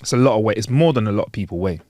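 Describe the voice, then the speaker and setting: A man co-hosting a podcast, talking in a relaxed, rambling way. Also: lowish voice, very fast, no echo, studio quality. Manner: relaxed, rambling, full of "like" and restarts. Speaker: podcast co-host. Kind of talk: casual podcast chat.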